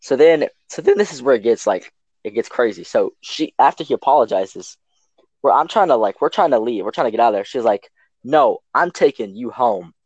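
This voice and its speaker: A young man tells a story in a loose, rambling way, stacking fillers and restarts. His voice sits mid-pitch, and the recording is dry and close. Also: lively intonation, a little fast, a little mellow, dry recording, muffled recording. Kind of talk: casual storytelling.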